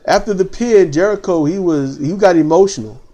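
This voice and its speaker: Man, slightly higher voice, casual commentary host, opinionated, animated. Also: moderate pace. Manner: animated, opinionated, repeats phrases. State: choked up.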